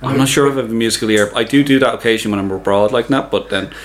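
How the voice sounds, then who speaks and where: A man's voice: medium pitch, racing. A middle-aged man in casual podcast chat, rambling with lots of fillers. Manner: chatty, rambling with many fillers. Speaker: podcast guest.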